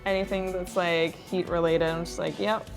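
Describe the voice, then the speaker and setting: A woman's voice: on the low side, little pitch movement, moderate pace, vocal fry. A young woman cosplay guest chatting casually and joking. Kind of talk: casual chat. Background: music.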